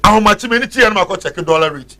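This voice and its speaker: A man's voice: sits high, animated, very fast, bright, forceful tone. A Ghanaian man ranting heatedly on a talk show, switching between Twi and English.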